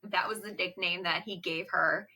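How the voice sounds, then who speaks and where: A woman co-hosting a podcast, casually retelling film scenes and slipping into quick quoted lines. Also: lowish voice, fairly even intonation, sharp tone, slightly rough. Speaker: podcast co-host. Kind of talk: casual movie recap chat.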